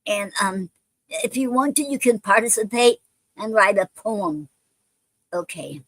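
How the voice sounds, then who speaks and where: A woman's voice: mid-range voice, animated, a little slow, fairly bright tone, dry recording, low-quality recording. A woman hosting a casual live stream, talking with many ums and restarts.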